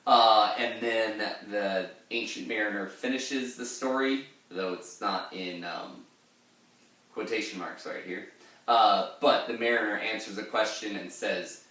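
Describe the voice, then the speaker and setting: A man in a fairly low voice talks through a poem casually, wandering into asides and filling gaps with "uh". He sounds distant from the mic, in a very echoey room. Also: unhurried, pushed and bright. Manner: chatty and digressive, many "uh" fillers. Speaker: poetry teacher. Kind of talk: casual literary explanation.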